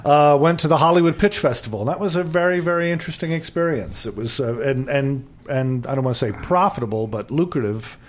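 A man's voice: a little high, expressive, fairly quick, few pauses. An older man co-hosting a talk show in casual chat, rambling and self-deprecating, with many restarts. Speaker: co-host.

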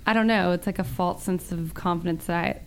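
A woman's voice: on the low side, fairly quick, clean tone. A woman from the American South with a Southern twang, chatting as a guest and telling stories with animation. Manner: animated storyteller, acts out quotes. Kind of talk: casual chat.

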